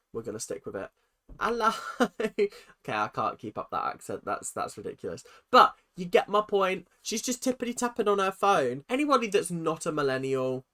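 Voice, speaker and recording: Brief: twenties reactor, sarcastic, animated, swears a lot, mid-pitched voice. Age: 20s. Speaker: reaction video host. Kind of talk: ranting reaction commentary.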